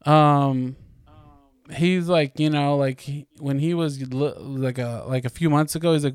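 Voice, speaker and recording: Rambling, casual-talking man with a smooth voice. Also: mid-range voice, steady tone, moderate pace, darkish tone, dry recording. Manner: rambling, with frequent likes and casual swearing. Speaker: podcast co-host. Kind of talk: casual chat.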